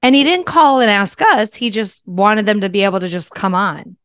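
A woman hosting a podcast, speaking to her listeners in a candid, profane, animated way as she tells a story. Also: mid-range voice, normal speed, smooth, dry recording, clean studio sound. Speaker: podcast host. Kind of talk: casual monologue to listeners.

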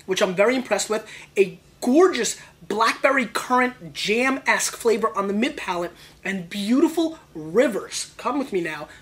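Excitable man hosting a wine show. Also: high-pitched. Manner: excitable, playful and slangy, riffs on flavors. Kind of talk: casual wine tasting review.

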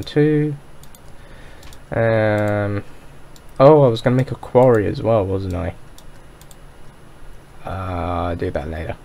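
A man with a somewhat low, gravelly voice plays a game and rambles along at an unhurried pace. He mocks his own mistakes as he goes, and his throat sounds a bit dry. Faint room noise and keyboard typing sit under his voice. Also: darkish tone. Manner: rambling, self-mocking, thinks aloud. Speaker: gaming YouTuber. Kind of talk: Minecraft let's play commentary.

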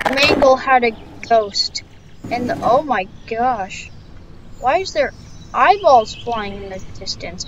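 A woman improvising a story over gameplay in a rambling, distracted way, full of fillers, with loud noise behind her. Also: fairly high pitch.

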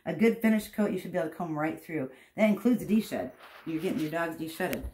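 A woman dog groomer talks through a grooming lesson in a chatty, reassuring way, stopping to soothe the dog. Her voice sits a little low. The room is echoey, with faint background noise. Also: animated, fairly quick, darkish tone. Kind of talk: hands-on grooming tutorial.

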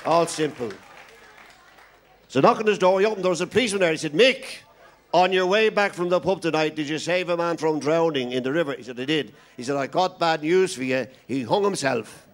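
A man's voice: on the high side, fairly quick, some chatter behind. Irish man telling stand-up jokes. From Ireland. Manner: rambling joke teller, playing all the characters himself. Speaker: stand-up comedian.

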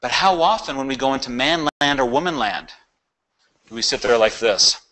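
A man in his forties, a therapist leading a workshop, talking in an emphatic, animated way and often asking "right?". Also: mid-range voice, moderate pace, low-quality recording. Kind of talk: informal workshop talk.

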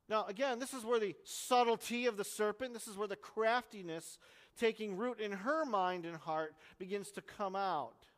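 A man with a notably high speaking voice preaches an expository sermon, earnest and explanatory, pressing hard on key words. His voice carries a long reverb from a church sanctuary. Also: normal speed. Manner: earnest, explanatory teaching with strong emphasis. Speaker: pastor.

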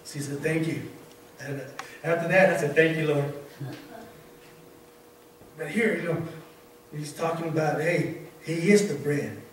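A man giving an informal sermon as a church elder, telling a story from work with many halting restarts. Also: a little high, steady tone, far from the mic. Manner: repetitive, halting restarts, conversational. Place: church sanctuary. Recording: very echoey room, voice off-mic, faint noise.

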